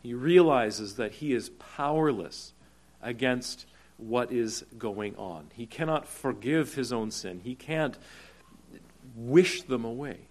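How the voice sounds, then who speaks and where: A male preacher delivering a sermon at an unhurried, deliberate pace. His voice sits at an ordinary middle pitch, and he leans hard on key words for emphasis. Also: animated. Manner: deliberate, slowing for emphasis, rising to urgent cries. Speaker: pastor.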